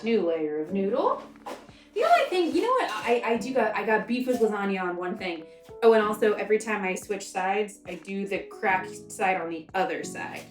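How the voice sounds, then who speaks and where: With a medium-pitched, sing-song voice at a moderate pace, the young Southern cooking vlogger chats casually and rambles, breaking off mid-thought. Soft music plays in the background of her echoey kitchen, captured by a distant mic.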